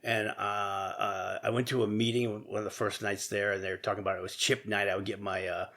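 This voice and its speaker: A middle-aged man with a low voice tells his own story in a casual interview. He talks frankly and profanely. He often stumbles over his words and restarts his sentences. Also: flat delivery, gravelly, bright, forceful tone. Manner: candid, profane, halting with restarts and laughs. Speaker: podcast guest.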